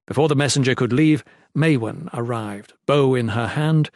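A man narrating a fantasy audiobook in a steady, measured storytelling manner. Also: medium pitch, no echo, clean studio sound.

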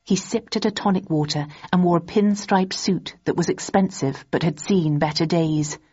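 A woman's voice: on the low side, normal speed, mellow, breathy edge. A woman narrating a novel in the first person, with a dry, wry delivery. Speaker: audiobook narrator. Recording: dull, muffled recording.

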